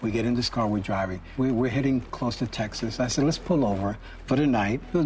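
A man's voice: medium pitch, fairly quick, darkish tone. A male radio talk show host telling stories casually, acting out quotes with animation.

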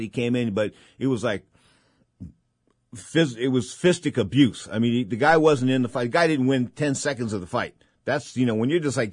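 A male boxing radio host talking excitedly and rambling, repeating himself as he comments on fights. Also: medium pitch, no echo, studio quality.

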